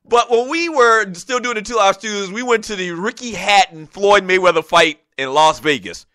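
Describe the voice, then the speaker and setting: A man hosting a casual sports talk show, telling long, rambling stories in an animated, joking way. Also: sits high, moderate pace, no room sound.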